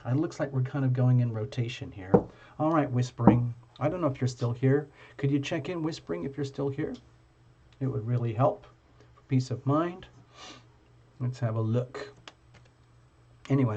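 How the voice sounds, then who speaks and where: A man's voice: medium pitch, darkish tone, highs cut off, slight background noise. Chatty man hosting a live tarot stream. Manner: chatty, playful, addresses viewers directly.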